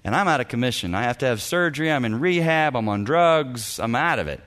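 A man, a senior pastor, giving a teaching talk to church leaders and telling stories with lively acted-out dialogue. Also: mid-range voice, a little fast. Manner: animated storyteller, acts out dialogue, chuckles often.

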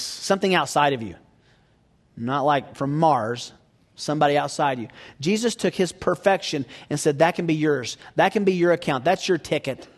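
A man preaching a sermon, swinging from hushed near-whispers to loud emphatic peaks and asking the audience rhetorical questions. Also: a little high, lively intonation, normal speed.

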